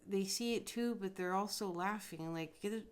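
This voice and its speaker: A woman's voice: medium pitch, moderate pace. A woman hosting a podcast, talking bluntly and emphatically in a casual spiritual monologue, with frequent swearing. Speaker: podcast host.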